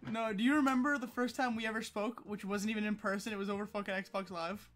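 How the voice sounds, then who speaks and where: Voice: mid-range voice, steady tone, fast talker, a bit bright. A friend in a casual chat, chiming in on stories and laughing along.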